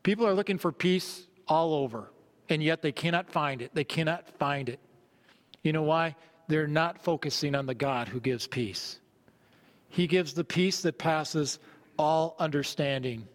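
A man's voice: a little high, a little slow, big-room sound. A man preaching a sermon, earnest, reading scripture aloud and repeating phrases for emphasis. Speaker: pastor.

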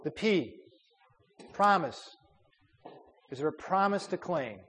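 A man's voice: on the high side, very animated, slow pace, fairly bright tone, a little hiss or hum. A man leading a Bible study as a pastor, talking in a conversational way with fillers and repeated words. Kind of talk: informal Bible study teaching. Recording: long hall reverb.

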